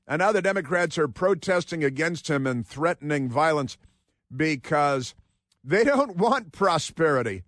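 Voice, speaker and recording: A man's voice: on the high side, expressive, normal speed, fairly bright tone, no room sound, clean studio sound. A man hosting a political talk radio show, delivering a sarcastic, mocking monologue.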